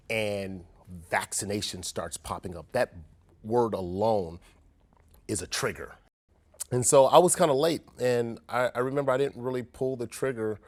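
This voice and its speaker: A man's voice: fairly low pitch, a little mellow. A man from South Central Los Angeles in a candid conversation, telling a personal story in an earnest, reflective way and often restarting his sentences. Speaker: former pro athlete in conversation.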